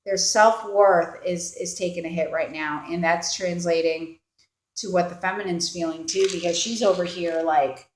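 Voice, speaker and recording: A woman reads tarot cards in a casual, meandering way, full of "you know" and "like" as she voices what the people in the cards might be thinking. Her voice sits a little low for a woman. The sound is roomy, with a clear echo around her. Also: fairly even intonation, moderate pace, a little hiss or hum. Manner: rambling, filler-heavy, acts out quoted thoughts. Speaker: tarot card reader. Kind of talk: casual tarot reading to camera.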